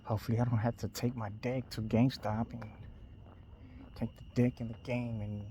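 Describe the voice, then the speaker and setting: A man's voice: mid-range voice, level tone, dark tone, slight background noise. A man rambling casually on a night walk outdoors, recorded on a phone held in his hand. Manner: loose, unhurried rambling with trailing restarts. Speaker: vlogger.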